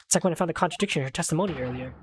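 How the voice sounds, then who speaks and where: A woman's voice: low-pitched, slight background noise. A woman streamer casually commenting while playing a game, chatty and thinking aloud. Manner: chatty, quick laughs and restarts, thinking aloud. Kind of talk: casual let's-play commentary, reading game dialogue aloud.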